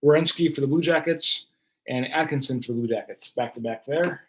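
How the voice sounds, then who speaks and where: Talking a little fast in a medium-pitched, slightly bright voice, a man runs a live card break stream. He keeps up a chatty commentary as he goes through every card that comes out.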